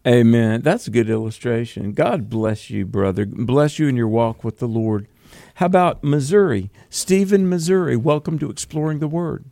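Gravelly man hosting Bible call-in radio. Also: mid-range voice, animated, mellow, no echo, studio quality. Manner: earnest, quick, many fillers.

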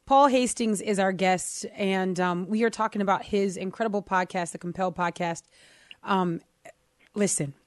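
A woman's voice: medium pitch, steady tone, moderate pace, no room sound. Enthusiastic woman radio host, dry sound. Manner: enthusiastic, exclaiming. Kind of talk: casual radio talk.

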